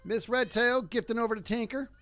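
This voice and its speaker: A man's voice: very high-pitched, brisk, soft background music. A man streaming a video game live, joking and talking to himself as he plays. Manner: animated, joking, talks to himself while playing. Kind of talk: live gaming commentary.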